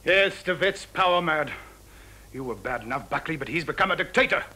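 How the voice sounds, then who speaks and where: An actor playing an anxious government envoy who pleads and cajoles. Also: male voice, fairly high pitch, animated, brisk, sharp tone, exaggerated voice. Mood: pleading. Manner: persuasive, pleading, wheedling.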